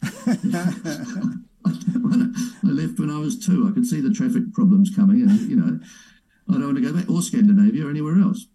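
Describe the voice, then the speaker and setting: Mocking man, dark voice. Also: medium pitch, lively intonation, quick pace, low-quality recording. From New Zealand. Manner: mocking, stops the clip to comment. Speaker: host reacting to a clip. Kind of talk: commentary on a played video.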